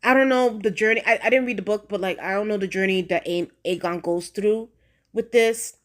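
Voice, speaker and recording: A woman talks through a TV episode in a casual review vlog. She is blunt and slangy, swears freely, and speaks straight to her viewers. Her voice sits at a middle pitch. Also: fairly quick. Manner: outspoken, addresses viewers directly. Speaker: TV show reviewer.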